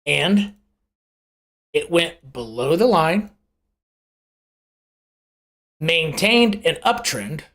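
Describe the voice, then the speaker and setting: Animated, chatty live-show chart analyst. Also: medium pitch, slow. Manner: conversational and rambling, with self-corrections; uses homely analogies and rhetorical questions. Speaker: host of a live crypto price analysis show. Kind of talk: casual live chart commentary.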